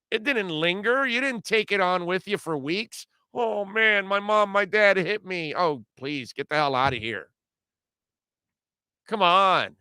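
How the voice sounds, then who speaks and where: A middle-aged man rants through a talk radio monologue in a blunt, slangy way. His voice sits high and sounds bright and clean. The sound is dry and close, as from a studio microphone. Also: clear, resonant tone, no echo. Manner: blunt, ranting, casual slang. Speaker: radio show host.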